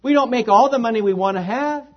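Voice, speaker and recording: A man's voice: fast, highs cut off. A man preaching a sermon to his congregation, dramatic in delivery, speaking to the people in front of him. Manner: dramatic preaching with wide swings in pitch and volume, addresses congregation directly. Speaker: pastor.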